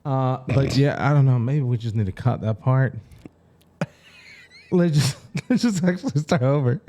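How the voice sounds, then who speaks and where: Mellow-voiced man telling stories with laughs. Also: medium pitch, a little slow. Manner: animated storyteller, laughs often, acts out quotes. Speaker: podcast co-host. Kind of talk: casual chat.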